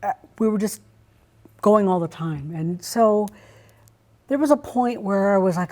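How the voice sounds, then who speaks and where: A middle-aged woman speaks as an interview guest, telling a personal story. Her voice sits at an ordinary pitch for a woman. She is expressive and animated, acting out her own reactions as she goes. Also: unhurried, pauses often.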